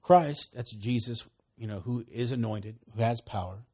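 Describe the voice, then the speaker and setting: A man's voice: medium pitch, normal speed, warm tone, slightly rough. A man preaching a casual sermon in a folksy, storytelling manner with emphatic repeats.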